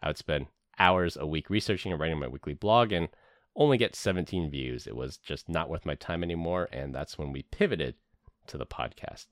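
Deep-voiced male podcast host. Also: brisk, no room sound, clean studio sound. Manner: earnest, reads from a prepared script. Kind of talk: scripted narration and casual chat.

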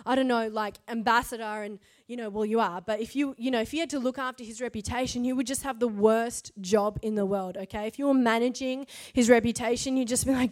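Woman preacher with a high voice, emphatic and rhetorical delivery, church service sermon. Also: steady tone, fairly quick, few pauses, darkish tone. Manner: emphatic, rhetorical, punctuates points with "okay?" and "right?".

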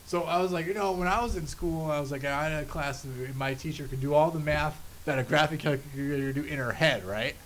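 Swearing storytelling man, higher-pitched voice. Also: fairly quick, few pauses, a bit bright, slight background noise, rough recording. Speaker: podcast co-host. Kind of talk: casual podcast chat.

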